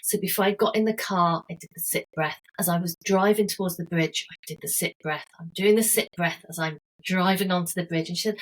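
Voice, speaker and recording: Woman, low-ish voice, earnest, guest coach explaining tools. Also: steady tone, fairly quick, hardly any pauses, low-quality recording. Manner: warm, earnest, storytelling with everyday examples. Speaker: holistic health coach guest. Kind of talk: conversational interview.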